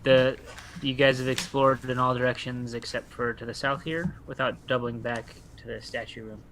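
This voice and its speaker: A man runs a tabletop game in an easygoing, rambling voice. His pitch sits in an ordinary middle range, and his narration wanders with plenty of likes and ums. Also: steady tone, normal speed, fairly bright tone, slight background noise. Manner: loose, filler-heavy narration. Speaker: game master.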